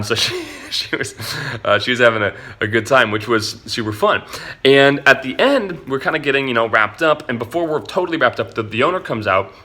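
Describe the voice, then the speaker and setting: Bright, chatty male vlogger. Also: medium pitch. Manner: chatty, slangy, says "dude" a lot. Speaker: online marketing vlogger. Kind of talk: casual storytelling.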